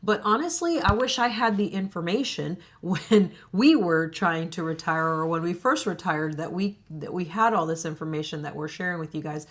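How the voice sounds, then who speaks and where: A woman's voice: lowish voice, expressive, moderate pace, hardly any pauses. A woman co-hosting a travel vlog, chatting casually to the camera and laughing often between her phrases. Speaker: co-host of a retirement travel channel.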